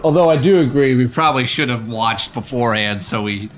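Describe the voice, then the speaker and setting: A man's voice: medium pitch, a little fast, crowd noise. A man co-hosting a let's play, chatting casually, laughing often and swearing freely as he reacts to the game. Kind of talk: casual gaming banter.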